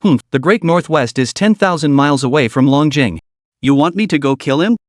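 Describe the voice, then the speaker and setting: A man voicing a huge, short-tempered giant in crimson armor who speaks gruffly and impatiently, in a lively voice on a dry recording. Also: a little high, brisk, dry recording, close to an everyday voice.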